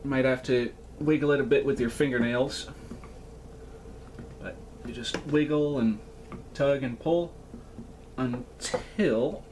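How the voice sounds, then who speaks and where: A man hosting a hands-on repair tutorial, explaining each step in a relaxed, folksy way. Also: medium pitch, slow pace, pauses often, noisy background. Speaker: toy repair host and ventriloquist.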